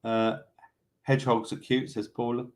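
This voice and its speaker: A man's voice: mid-range voice, flat delivery, moderate pace, darkish tone. A British man hosting a casual live online show, reading out animal facts and viewer comments in a chatty, joking way. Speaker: host. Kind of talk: casual live-stream chat.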